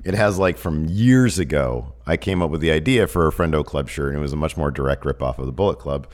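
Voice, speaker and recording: A man with a very deep, low-pitched voice hosts a podcast while sick with a cold. He rambles, jokes and teases in a loose, casual chat. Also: quick pace, a little mellow. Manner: joking, teasing, rambling. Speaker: podcast co-host.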